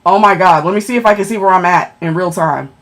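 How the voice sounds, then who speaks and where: A woman chatting on a livestream, excitable and emotional as she thanks viewers for gifts and checks her ranking. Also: lowish voice, fast talker.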